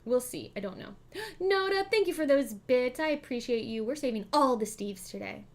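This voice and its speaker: Lady streamer playing a board game live, a bit high voice, chatty, talks herself through moves. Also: animated, normal speed. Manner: chatty, thinks aloud, thanks chat as she plays. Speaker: streamer host.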